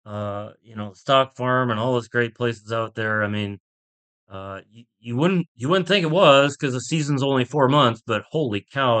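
A golf instructor from Pittsburgh, USA, appears as a podcast guest, his medium-pitched voice bright and forceful. In this casual interview chat he tells stories, rambles with enthusiasm, and laughs a lot.

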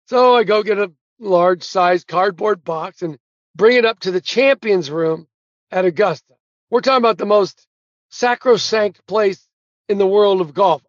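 High-voiced animated male storyteller. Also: no echo, highs cut off. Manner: animated storyteller who acts out quotes and laughs at his own punchlines. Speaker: guest, sportswriter and author. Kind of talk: casual storytelling interview.

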